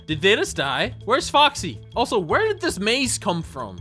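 A man's voice: on the high side, huge pitch swings, normal speed, few pauses, bright, forceful tone, soft background music. A man giving joking, sarcastic let's play commentary as a gaming YouTuber.

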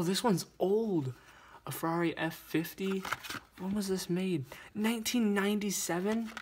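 Young man, excited unboxing vlog, stammering, gushing, noisy recording. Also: on the high side. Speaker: toy car collector vlogger. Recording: noisy room with crinkling bags.

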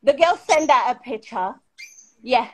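High-voiced swearing woman. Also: animated, measured pace, a little mellow. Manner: cursing, confrontational, boastful. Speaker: live-stream host. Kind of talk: heated live-stream argument. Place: at home in the UK.

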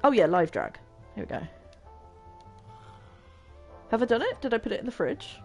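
A woman's voice: on the high side, very animated, fast talker, darkish tone, faint music behind. A young woman chatting and giggling her way through a life-sim game as a streamer. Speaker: gaming streamer. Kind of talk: casual gameplay commentary.

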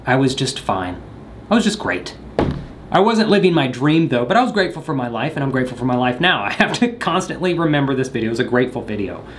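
A man's voice: fairly high pitch, a little hiss or hum. A young man vlogging, rambling and joking straight to the camera in a goofy comedic monologue.

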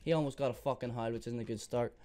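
A young man hosting an excited gaming commentary, swearing freely and swinging between pleading and loud shouts. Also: mid-range voice, quick pace. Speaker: host.

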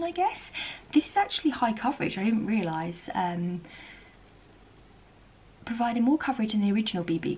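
A woman's voice: medium pitch, a little mellow, slight background noise. A woman talking casually to camera in a beauty vlog, chatty with plenty of ums. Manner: chatty, upbeat, lots of ums. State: tired, croaky, half-whispering. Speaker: vlogger.

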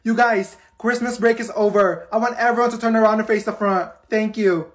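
A man's voice: high voice, steady tone, a little fast, a bit bright. A man voicing a strict, bossy female schoolteacher in a comedy sketch, scolding the class. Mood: stern. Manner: stern, scolding. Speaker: comedic skit creator.

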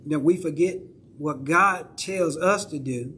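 High-voiced Southern pastor preaching. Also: male voice, unhurried, sharp tone, a little hiss or hum. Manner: conversational preaching, asks congregation "right?". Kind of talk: sermon. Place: church sanctuary.

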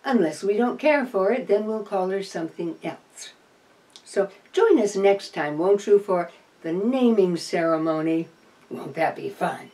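A woman's voice: medium pitch, lively intonation, unhurried, dark tone. A woman chatting to camera with dry, playful humor, sometimes cooing tenderly to her pet opossum. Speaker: opossum rescuer and vlogger. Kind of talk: casual chat to camera. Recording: voice somewhat distant from the mic.

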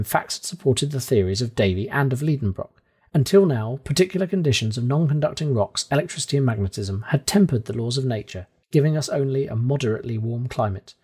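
A man reading a classic novel aloud in calm, measured audiobook narration. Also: medium pitch, slightly rough.

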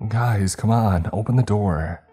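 A man voicing a creature that mimics a young woman's voice, soft and sweet but cruel underneath. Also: extremely low pitch, animated, moderate pace, husky, soft background music, full character voice. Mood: coaxing. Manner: soft and sweet, then spiteful.

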